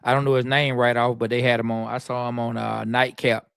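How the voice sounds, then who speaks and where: Measured man talking football. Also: medium pitch, flat delivery, vocal fry, fairly bright tone, clean tone, no room sound, studio quality. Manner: stammering restarts, measured. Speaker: sports show host. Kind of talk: casual sports talk.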